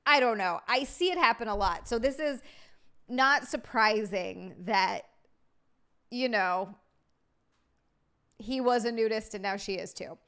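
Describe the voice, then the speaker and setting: A young adult woman hosting a casual chat show, chatty and quick to laugh as she reads out viewer messages. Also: a little high, a bit bright, clean tone. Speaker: host.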